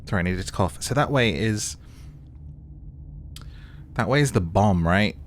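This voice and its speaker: A man casually commenting on his gameplay, a little hoarse from allergies and muttering his reactions. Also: fairly low pitch, animated, a little slow, slight background noise. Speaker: gamer. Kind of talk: casual let's play commentary. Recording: game music loud behind voice.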